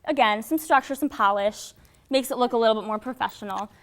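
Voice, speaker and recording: Young woman, higher voice, casual fashion explainer. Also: quick pace. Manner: chatty and explaining. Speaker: fashion guest.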